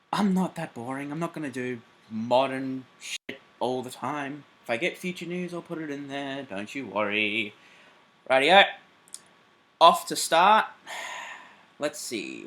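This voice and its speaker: Excitable Australian guy with a bright voice. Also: medium pitch, measured pace. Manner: excitable, swears freely, chatty with fillers. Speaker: railway channel host. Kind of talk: casual vlog.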